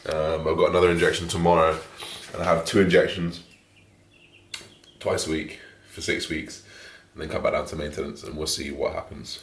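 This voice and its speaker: Deep-voiced man, roomy echo. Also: level tone, normal speed, slight background noise. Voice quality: deep, a little raspy from waking. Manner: frank and chatty, swears casually. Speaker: fitness vlogger. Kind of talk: casual vlog chat. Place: at home just after waking, echoey room.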